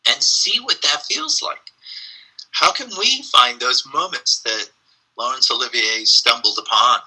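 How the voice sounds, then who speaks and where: A man who is a guest on a podcast, talking in a relaxed, reflective way and telling animated stories with plenty of fillers. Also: medium pitch, measured pace, slightly rough, rough recording. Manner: animated storyteller, frequent fillers. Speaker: podcast guest, spiritual teacher. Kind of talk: casual reflective conversation.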